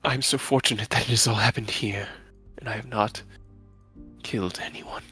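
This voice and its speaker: A gentle, bookish woman scholar speaks softly and haltingly in a tabletop game, as a man puts her on. Her words falter and sink into whispers. Faint music runs underneath. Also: on the low side, fairly even intonation, slightly rough, exaggerated voice. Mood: sad, confiding. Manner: soft-spoken, halting, drifting into whispers.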